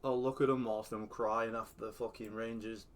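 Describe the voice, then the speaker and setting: Sweary excitable man streaming. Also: fairly low pitch, moderate pace. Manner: sweary, excitable, shouts at the game. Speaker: streamer playing a football manager game. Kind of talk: casual gaming commentary.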